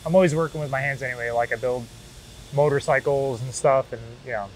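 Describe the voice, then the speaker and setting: A man's voice: medium pitch, quick pace, poor audio. Laid-back man from Michigan, faint hum. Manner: relaxed storytelling, lots of "you know" fillers. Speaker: guest, bassist and machine shop manager. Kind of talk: casual interview chat.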